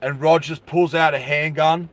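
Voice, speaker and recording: A man telling a story in a casual vlog, animated, with asides to his viewers. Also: fairly high pitch, normal speed.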